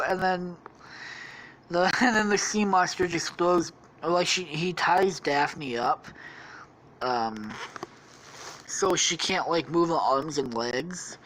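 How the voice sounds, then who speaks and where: A woman's voice: fairly low pitch, takes it slowly, long pauses, fairly bright tone, slight background noise, rough recording. A woman hosting a podcast, telling a crude comic story loosely with lots of swearing and laughter. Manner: profane, laughing, loose retelling. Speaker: podcast host.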